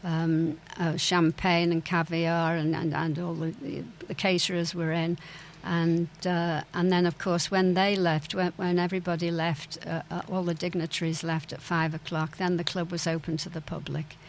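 A woman's voice: on the low side, flat delivery, moderate pace, a little hiss or hum, low-quality recording. An older woman telling stories from her past in an interview, hesitant, with many fillers and restarts. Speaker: interview guest, former club owner's daughter. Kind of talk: reminiscing interview.

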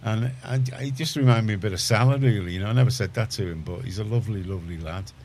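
A man's voice: lowish voice, fast, darkish tone, a little hiss or hum. A man with a Liverpool accent presenting community radio in a rambling, self-correcting casual chat.

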